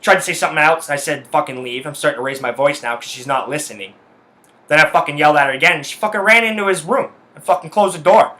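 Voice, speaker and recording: A man's voice: a little high, fast talker, sharp tone. A man hosting a solo podcast, telling a story in a heated, profane rant full of swearing. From Canada. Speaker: podcast host. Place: his house.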